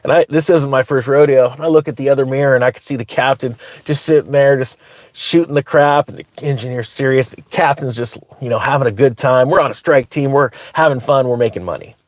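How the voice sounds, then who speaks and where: A man hosting his own channel, telling a story in a casual, animated way and often laughing as he talks. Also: medium pitch, brisk, no room sound. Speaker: finance commentator, channel host.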